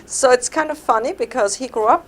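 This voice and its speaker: A woman's voice: high voice, brisk. A middle-aged woman from Austria with an Austrian German accent, giving a conversational personal speech at a club meeting and laughing now and then. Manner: conversational, laughs while telling stories. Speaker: club speaker.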